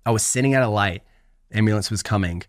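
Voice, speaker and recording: Low-voiced man telling animated stories. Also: quick pace, dry recording, studio quality. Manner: animated storyteller, rising pitch when worked up. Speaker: podcast co-host. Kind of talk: casual sports chat.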